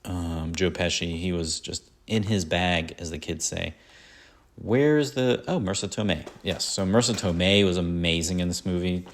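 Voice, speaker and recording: A man's voice: low voice, normal speed. A man hosting a podcast, chatting casually in a rambling way, with many fillers and self-corrections. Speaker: podcast host. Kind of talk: casual chat.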